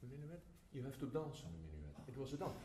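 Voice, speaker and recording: A man's voice: mid-range voice, sing-song, fast talker, warm tone. A man teaching a clarinet masterclass, often singing phrases to show the music, in slightly non-native English. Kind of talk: masterclass coaching. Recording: roomy hall with instruments.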